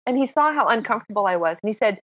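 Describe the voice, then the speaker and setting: A woman in her sixties, a podcast guest telling stories in a casual, lively, self-mocking way. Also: mid-range voice, rapid-fire, dry recording. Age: 60s. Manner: lively, self-mocking storyteller who acts out dialogue. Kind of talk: casual interview storytelling.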